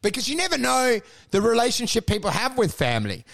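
High, gravelly man riffing. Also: wildly swooping pitch, fast, fairly bright tone. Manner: profane, rambling, acts out bits in quoted voices. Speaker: comedy podcast co-host. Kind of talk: casual comedic riffing.

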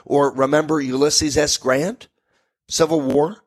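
A man's voice: fairly high pitch, fairly even intonation, unhurried. An American man hosting a radio talk show from a studio, telling history in a folksy, rambling way with asides to listeners.

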